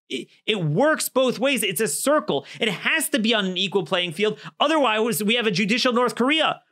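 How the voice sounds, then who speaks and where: A bright, fairly high-pitched man delivers an emphatic opinion monologue. He argues his points hard and acts out both sides of imagined exchanges. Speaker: political commentator.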